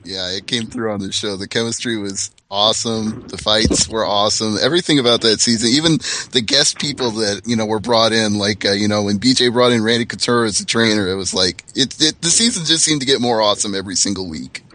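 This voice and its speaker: Male host, bright tone, enthusiastic fan, casual interviewer. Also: on the low side, a little fast, few pauses.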